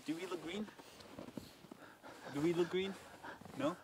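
A man's voice: high voice, steady tone, measured pace, recorded from a distance, very noisy. A young man from Canada joking around in casual banter, chiming in and echoing his friend.

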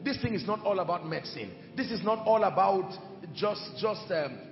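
A man preaching a sermon with emphatic delivery, moving between shouted lines and hushed ones. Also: sits high, animated, normal speed, highs cut off. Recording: echoey hall with music behind.

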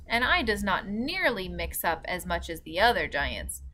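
A woman's voice: medium pitch, big pitch swings, normal speed, bright, forceful tone, slight background noise. A woman voicing a big friendly male giant who mangles his words, reading a storybook aloud. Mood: lively. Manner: jumbled words, stern then cheerful.

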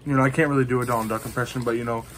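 A man chatting casually to the camera in a show-and-tell vlog. He rambles along, filling his pauses with ums and you-knows. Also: medium pitch, steady tone, a bit bright, slight background noise. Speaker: vlogger showing his collection.

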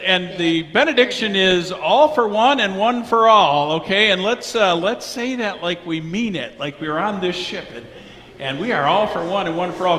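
Bright-voiced pastor in a reverberant church. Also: male voice, high voice, a little hiss or hum. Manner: playful, coaxing the congregation. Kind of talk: leading a church benediction. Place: church sanctuary. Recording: long reverb of a church sanctuary.

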